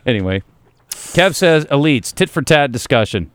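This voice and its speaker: A man's voice: mid-range voice, very animated, moderate pace, a bit bright, clear, resonant tone. A man hosting sports talk radio, sarcastic and teasing, who also reads the sponsor ads live.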